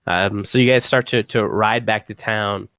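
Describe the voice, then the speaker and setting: A young man narrating as dungeon master, halting and full of fillers and restarts. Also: on the low side, steady tone, fairly bright tone, dry recording. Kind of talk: narrating a tabletop game.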